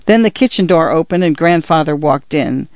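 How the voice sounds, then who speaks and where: A man's voice: on the high side, dry recording. Man reading an audiobook on a dull, dry track. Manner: measured, even. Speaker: narrator. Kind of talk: audiobook narration.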